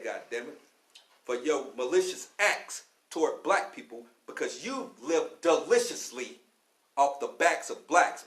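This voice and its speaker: A man's voice: fairly high pitch, fairly bright tone, reverberant, rough recording. A man from Louisville, Kentucky, giving a fiery, slangy preaching lecture as class teacher on a radio show. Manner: fiery, slangy, repeats "you know what I'm saying". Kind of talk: preaching street-talk lecture.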